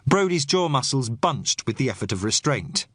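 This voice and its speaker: A man narrating a mystery novel in the first person, measured and expressive. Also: mid-range voice, dry recording. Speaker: audiobook narrator.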